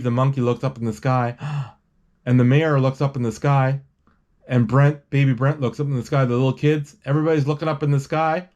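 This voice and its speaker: A man casually retelling a movie scene by scene, rambling with restarts and quick acted quotes. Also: mid-range voice, a little mellow, highs cut off.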